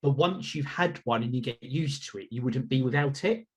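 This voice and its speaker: A man's voice: medium pitch, normal speed, breathy edge. A man hosting a podcast, chatting casually in an upbeat, self-reflective way. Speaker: podcast host.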